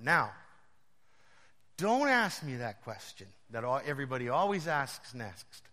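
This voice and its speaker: Bright, lively male pastor telling stories. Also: medium pitch, unhurried. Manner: animated, laughs often while telling stories. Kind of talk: storytelling sermon. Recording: long reverb of a large hall.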